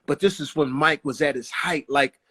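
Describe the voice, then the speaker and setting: A man telling stories as a guest in a casual interview, animated and quick to slip into voices. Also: on the high side, husky. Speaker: guest, comedian and actor. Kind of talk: casual storytelling.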